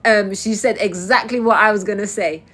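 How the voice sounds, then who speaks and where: A woman's voice: medium pitch, fairly even intonation, normal speed, bright, forceful tone. A young woman from Kosovo chatting casually on a livestream, answering her viewers' comments as they come in. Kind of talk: casual live-stream chat.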